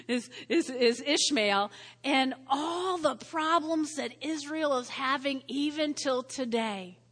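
A woman preaching a sermon to a congregation, lively, acting out the voices of biblical figures. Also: sits high. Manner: animated, acts out voices of biblical figures with laughs. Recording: long hall reverb.

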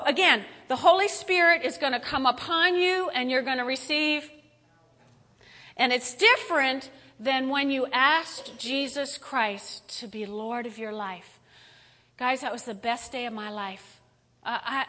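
Woman pastor, middle-aged, chatty animated preaching, bright voice, echoing church hall. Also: a little high. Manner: animated, chatty, rises to loud exclamations. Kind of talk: sermon.

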